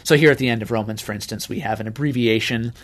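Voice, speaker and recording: Male expert guest, mid-pitched, calm and explanatory. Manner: measured, explanatory. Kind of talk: explanatory interview talk.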